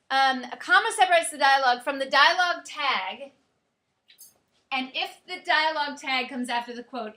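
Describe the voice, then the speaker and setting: Woman teacher, high pitch, bright tone, echoey classroom, explains and checks in with students. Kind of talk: classroom grammar lecture.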